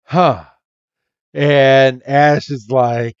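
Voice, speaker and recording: Unhurried and fairly high-pitched, this male podcast co-host has a darkish, clean tone as he casually recaps a cartoon episode, laughing frequently and performing character lines in goofy voices. The recording is lo-fi.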